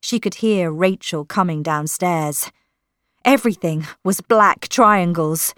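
A woman reading a storybook aloud in a measured, clear way. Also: on the low side, a bit bright, no echo, studio quality.

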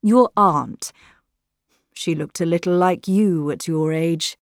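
A woman reading aloud voices a gentle, hesitant older grandfather with little change from her own voice. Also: lowish voice, takes it slowly, no echo, studio quality.

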